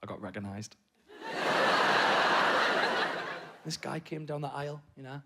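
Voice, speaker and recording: A man doing stand-up comedy on stage, telling a story with sudden loud bursts and low muttered asides. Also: measured pace, vocal fry, heavy background noise. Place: comedy stage before a live audience.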